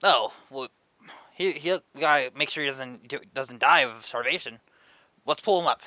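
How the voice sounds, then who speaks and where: A man playing a tabletop game, talking casually and haltingly with frequent restarts, on a dull lo-fi mic. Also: mid-range voice, pushed and bright, dry recording. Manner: halting, stammers, laughs often. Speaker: player.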